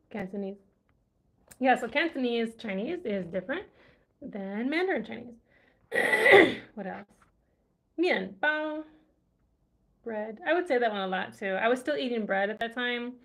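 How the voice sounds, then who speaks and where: A woman's voice: on the high side, expressive, takes it slowly, long pauses, fairly bright tone. A woman language vlogger chatting casually, musing aloud and laughing often as she recalls words. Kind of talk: casual livestream chat.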